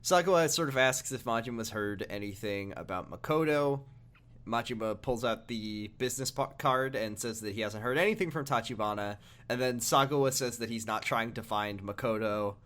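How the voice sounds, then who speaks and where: Brief: man, podcast co-host, casual chat, laughs often, jumps into excited high bursts. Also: moderate pace.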